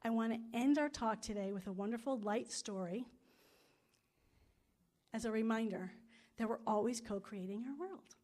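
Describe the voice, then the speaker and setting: A woman's voice: on the high side, moderate pace, pauses often, a little mellow. A woman pastor delivering a sermon and a spoken prayer to a congregation in a room, repeating phrases in rolling, emphatic lists. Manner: storytelling with acted-out quotes.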